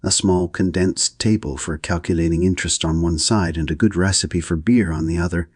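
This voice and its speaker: A dry, ironic intellectual drops his quips, as a man reads him in an audiobook. Very deep, a bit husky, with a dry close sound. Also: fairly even intonation, fairly quick, no room sound. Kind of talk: audiobook reading.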